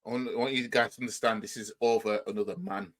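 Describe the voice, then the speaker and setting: A man's voice: lowish voice, steady tone, fast talker, fairly bright tone. A man with a Yorkshire accent, hosting a reaction channel and mockingly commenting on a clip, often asking "you know what I mean".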